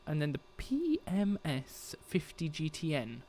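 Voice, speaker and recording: A man's voice: a little high, wildly swooping pitch, unhurried, a little mellow, a little hiss or hum. Chatty British man streaming a flight sim. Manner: chatty, laughs often, reads chat aloud. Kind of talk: live stream commentary.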